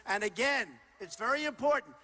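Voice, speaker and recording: An older man addresses a rally crowd, his high-set voice forceful and tense. He talks off the cuff, repeats himself and keeps pushing the same points loudly. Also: animated, fairly quick. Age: 60s. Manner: loud, repetitive, ad-libbed crowd address. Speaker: political candidate. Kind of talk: campaign rally speech. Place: large rally hall.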